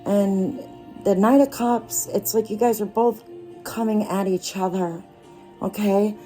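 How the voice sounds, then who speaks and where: A woman lays out tarot cards for her listeners, speaking slowly and reassuringly in a low, mellow voice. Faint music plays quietly behind her. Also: fairly even intonation. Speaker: tarot reader. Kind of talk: casual tarot card reading.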